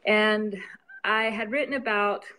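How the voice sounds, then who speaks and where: A woman's voice: medium pitch, steady tone, a little slow, sharp tone. A woman novelist chatting casually as an interview guest, rambling and laughing often.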